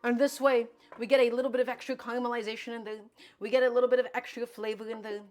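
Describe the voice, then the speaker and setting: A woman's voice: on the high side, level tone, fast, darkish tone, faint music behind. A woman streaming from her home kitchen, chatting and coaching viewers through each cooking step. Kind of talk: live-stream cooking chat.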